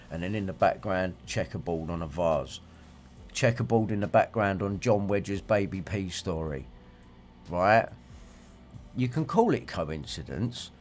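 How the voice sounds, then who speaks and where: A man's voice: on the low side, a little hiss or hum. A man, ranting and swearing in a rambling livestream monologue and reacting to viewer comments. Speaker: livestream host.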